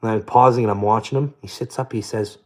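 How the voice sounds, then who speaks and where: A man's voice: fairly low pitch, steady tone, fast, rough recording. A man delivering a blunt, profane, scornful rant to camera as a vlogger. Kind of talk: profane ranting monologue.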